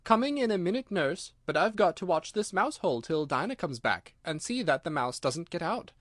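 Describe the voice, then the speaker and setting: Man voicing a young girl, earnest, chatty, audiobook, lively pitch, dry sound. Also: moderate pace, no room sound. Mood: musing. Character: curious polite young girl.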